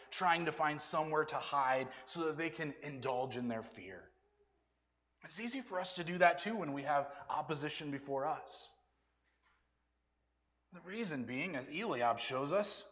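Man preaching in an echoing hall. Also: fairly high pitch. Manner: animated preaching, dropping to hushed asides and whispers. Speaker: pastor. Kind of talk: sermon. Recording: long reverb of a church hall.

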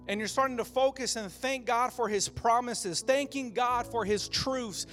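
A pastor preaching to his church in a notably high voice, stacking repeated phrases into a rising rhythm. Faint music plays underneath him throughout. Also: fairly bright tone. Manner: passionate preaching, repeating phrases and building cadence. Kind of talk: sermon.

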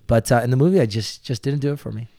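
A man co-hosting a casual podcast chat, teasing and animated. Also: medium pitch, very fast, creaky, no echo, studio quality. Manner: teasing, animated, jumps into playful voices.

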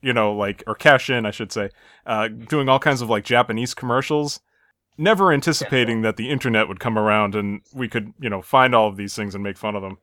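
A man's voice: lowish voice, a little fast, fairly bright tone, dry recording. A man co-hosting a podcast in casual chat, recapping scenes in a chatty way. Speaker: podcast co-host.

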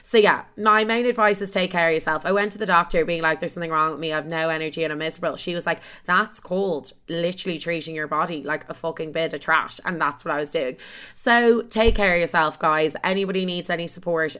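A young Irish woman in her twenties chats through stories on her solo podcast. Her voice is bright and forceful, set slightly low. She swears freely, mocks herself and plays every mishap up for drama. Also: a little fast, clean tone. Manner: chatty, swears a lot, self-mocking and dramatic. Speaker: podcast host. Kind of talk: casual solo podcast storytelling.

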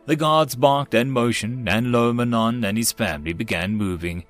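A man narrating a science-fiction web novel as an audiobook in a steady storytelling read. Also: medium pitch, normal speed, few pauses, faint music behind. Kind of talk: scripted narration.

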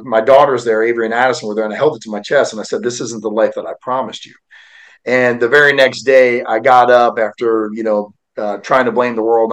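A man in his forties speaks as a podcast guest, sharing his life story in an earnest, heartfelt way. His voice sits in an ordinary middle pitch, and his delivery swings between hushed and forceful like a motivational speaker. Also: rough recording. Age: 40s. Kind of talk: emotional personal storytelling.

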